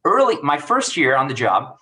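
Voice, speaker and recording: A man, a cybersecurity expert giving career advice through animated stories over an online call, acting out what people said. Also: a little high, moderate pace, poor audio. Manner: animated, acts out quoted dialogue.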